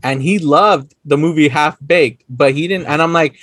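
A man's voice: fairly high pitch, normal speed, fairly bright tone, no echo. A man in his thirties with a Chicano accent, co-hosting a podcast in casual chat, laughing often, swearing and acting out movie lines. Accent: Chicano English. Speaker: podcast co-host.

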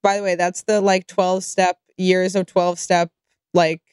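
A woman's voice: lowish voice, little pitch movement, a little mellow, smooth, no echo. A young adult woman co-hosting a podcast, wry and self-deprecating in casual chat. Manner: wry and self-deprecating, rushes through read-out quotes. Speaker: podcast co-host.

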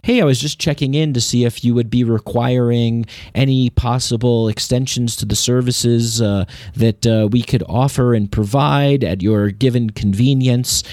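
A man's voice: medium pitch, fairly even intonation, normal speed, few pauses, darkish tone, dry recording, studio quality, pitched above the performer's own voice, close to an everyday voice. A man imitating an upbeat, evasive corporate salesman with breezy, buzzword-filled patter. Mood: chipper. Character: chipper corporate male salesman, smooth and evasive.

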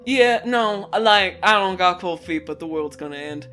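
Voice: mid-range voice, expressive, moderate pace, sharp tone, faint music behind. A player voicing a worldly, easygoing male adventurer, rambling casually and sheepishly in character during a tabletop game. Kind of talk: in-character tabletop role-play.

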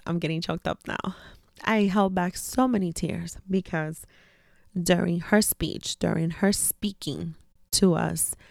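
A woman hosts her own podcast in a candid, chatty monologue, stacking repeated phrases for emphasis. Her voice sits low with a gravelly edge. The sound is dry and close. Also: darkish tone, no room sound. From daughter of immigrant parents. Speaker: podcast host. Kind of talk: casual personal monologue.

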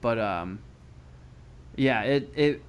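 A man's voice: medium pitch, animated, extremely slow, smooth. A man telling a crude, sarcastic story in casual chat. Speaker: podcast guest telling a story.

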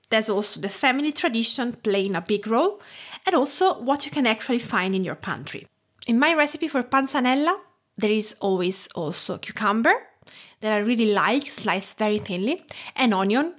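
A woman of around forty from Tuscany, speaking with an Italian accent, narrating her podcast from a script in an expressive way. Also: a little high. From Tuscany, Italy. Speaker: podcast host and cook.

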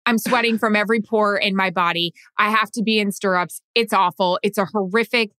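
Woman cohost, chatty storyteller, bright voice, swears a lot. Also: medium pitch, a little fast, no room sound, studio quality. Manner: animated storyteller, swears freely. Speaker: podcast co-host. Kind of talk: casual chat.

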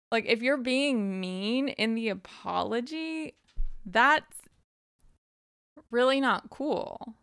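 Unhurried, gravelly-voiced woman giving frank advice. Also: fairly high pitch, lively intonation, fairly bright tone, no room sound, studio quality. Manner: direct, frank, counts off numbered points. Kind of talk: casual advice talk.

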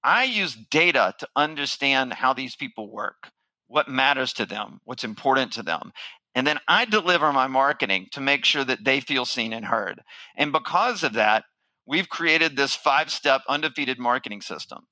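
A man's voice: medium pitch, expressive, moderate pace, bright, forceful tone, dry recording, low-quality recording. A middle-aged man giving a keynote, telling a story with animation and acting out his own panic. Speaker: keynote speaker, marketing firm founder.

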